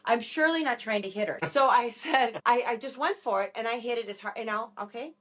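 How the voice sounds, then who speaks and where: A woman's voice: a little high, brisk. Woman cohosting a podcast, chatty, tells stories with lots of laughs. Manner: animated storyteller, laughs often. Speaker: podcast co-host. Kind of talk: casual chat.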